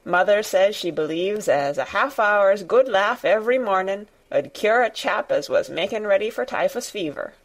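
A woman's voice: mid-range voice, animated, moderate pace, few pauses. A woman voicing a good-natured country boy with a Yorkshire accent. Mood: amused. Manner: chuckling, homely.

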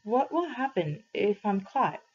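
A woman voicing a frightened, earnest peasant boy in a read-aloud story, with a husky, halting voice. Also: medium pitch, big pitch swings. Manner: anxious, halting. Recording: dull lo-fi recording.

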